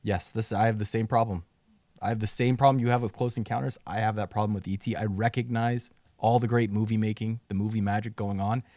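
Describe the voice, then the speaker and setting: Male podcast host, blunt and profane, lowish voice, dry close mic. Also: steady tone, fairly quick, darkish tone, no echo. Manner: blunt, profane, laughs easily. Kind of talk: casual movie chat.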